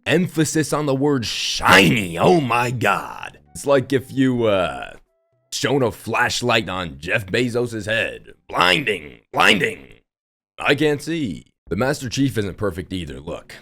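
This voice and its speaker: A young man giving casual, sarcastic spoken commentary, who swears freely while riffing on his opinions. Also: fairly low pitch. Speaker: gaming video creator.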